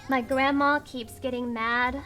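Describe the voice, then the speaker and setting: A woman's voice: high voice, steady tone, measured pace, sharp tone, soft background music. A young adult woman streaming live, bantering with chat in a brash, swearing way. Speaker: VTuber streamer.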